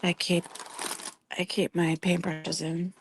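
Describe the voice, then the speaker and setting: Hoarse, soft-spoken grieving woman. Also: on the low side, little pitch movement, slow, background noise. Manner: soft-spoken, often half-whispering; tearful, grieving. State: hoarse, losing her voice. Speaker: livestreamer. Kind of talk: casual livestream chat. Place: home desk.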